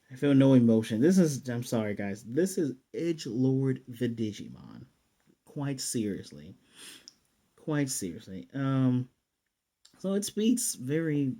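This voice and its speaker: A man's voice: fairly high pitch, warm tone. A man recapping and reviewing an anime episode in a casual, rambling way, often mocking what he describes. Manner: sarcastic, mocking, rambling with restarts.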